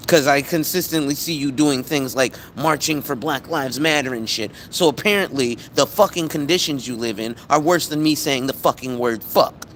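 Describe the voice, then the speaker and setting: A man hosting a casual live stream as an insurance agent, talking bluntly and profanely with animated storytelling. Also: mid-range voice, moderate pace, few pauses, a little hiss or hum.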